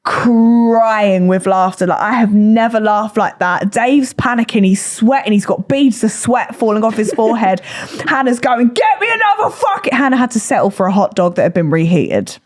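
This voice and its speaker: A woman's voice: medium pitch, normal speed, a little mellow. A woman hosting a podcast, telling stories in casual chat, laughing often and swearing freely. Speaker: podcast host.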